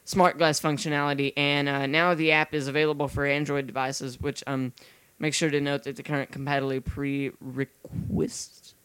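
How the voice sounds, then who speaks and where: A man's voice: a little high, little pitch movement, normal speed, fairly bright tone, clean tone, no room sound. A young man hosting a casual gaming podcast, rambling with lots of fillers and restarts. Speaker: podcast host.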